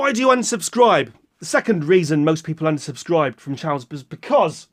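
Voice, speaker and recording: A British man talking to his viewers in a casual vlog, rambling and self-mocking, swearing casually and breaking into sudden loud outbursts. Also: fairly high pitch, dry recording. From Britain. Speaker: YouTuber.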